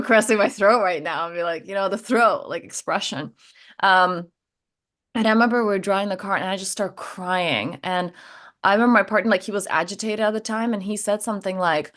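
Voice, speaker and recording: A middle-aged woman, a transformation coach, talks over a video call in a casual spiritual conversation. Her voice is medium-pitched and a bit bright, and she speaks candidly and animatedly, laughing easily and using many fillers.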